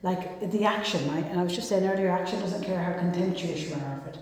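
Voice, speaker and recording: A woman's voice: fairly low pitch, fast, darkish tone. Woman speaker in an echoey hall. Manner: rambling, self-mocking, with many restarts. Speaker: recovery meeting speaker. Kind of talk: personal talk to an audience.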